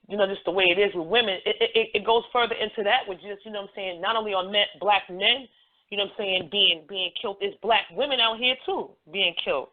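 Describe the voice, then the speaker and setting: A woman hosting a call-in talk show, chatting loosely and often stopping to ask "you know what I'm saying". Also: medium pitch. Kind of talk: casual call-in chat. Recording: tinny phone line.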